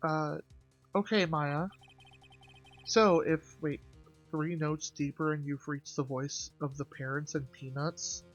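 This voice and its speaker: A young adult streamer in casual let's-play commentary, reading game lines aloud and chatting to viewers with animated, swearing asides. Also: mid-range voice, slow pace, dull audio, faint music behind. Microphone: desk mic with gain adjusted.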